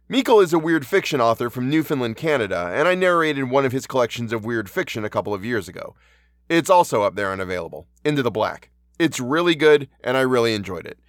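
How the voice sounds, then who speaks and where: A man hosting a podcast and reading a horror story aloud in a measured, earnest way. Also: medium pitch, a bit bright, no echo, clean studio sound. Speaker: podcast host and audiobook narrator.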